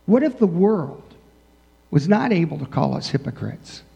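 A man preaching a sermon in a church, casual and full of asides. His voice sits fairly high and sounds mellow. The recording is dull and carries a long church reverb. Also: sing-song, moderate pace, gravelly, husky. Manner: conversational, many "you know" asides. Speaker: pastor.

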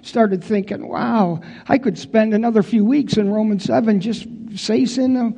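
Man, pastor, folksy conversational sermon, dark soft tone, dull muffled recording. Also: very high voice. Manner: folksy, talks straight to the congregation.

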